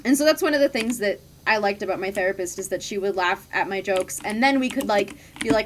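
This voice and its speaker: A woman's voice: medium pitch, quick pace, hardly any pauses, a little hiss or hum. A woman in her twenties chatting candidly while streaming a game, full of "like" fillers. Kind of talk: casual chat while gaming.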